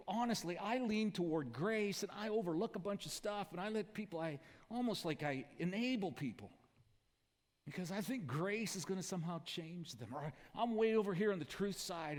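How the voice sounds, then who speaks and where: A male pastor gives a sermon in a loose, conversational storytelling style, full of side remarks. His voice sits somewhat high. The long reverb of a church sanctuary follows his words. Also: lively intonation, normal speed, darkish tone. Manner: casual, conversational storytelling with frequent asides.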